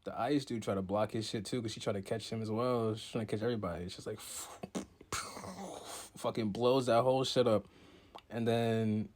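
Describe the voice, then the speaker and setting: A young man casually recapping a manga chapter in slangy, profane talk, jumping into character voices in excited bursts. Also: lowish voice, normal speed. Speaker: content creator recapping a manga.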